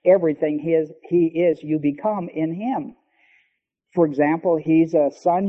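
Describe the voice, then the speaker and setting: A man preaching a sermon, teaching emphatically and slowing down to stress key words. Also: on the high side, fairly even intonation. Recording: long hall reverb, dull lo-fi sound.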